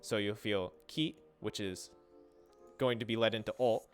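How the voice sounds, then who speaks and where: A young streamer teaching Japanese walks through a pronunciation lesson on a livestream in a steady, fairly low voice. He's loose and chatty, trailing off, restarting, and slowing down to sound out syllables, while faint music plays softly behind him.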